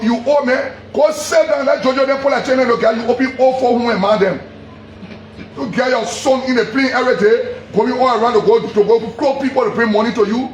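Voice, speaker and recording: High-voiced Liberian man ranting in an echoey room. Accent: Liberian English. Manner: heated, accusatory, repeating himself, sometimes shouting. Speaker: politician. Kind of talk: angry public address. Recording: echoey room, faint background noise.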